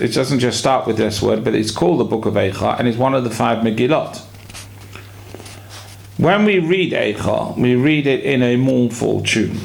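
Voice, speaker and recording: A rabbi giving a weekly sermon, explaining his points in a measured way with drawn-out pauses. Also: medium pitch, vocal fry.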